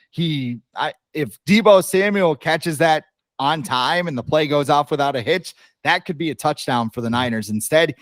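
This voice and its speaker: A man co-hosting a casual sports podcast, rambling and excitable, stumbling over names and coughing now and then. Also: on the high side, no room sound. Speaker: podcast co-host.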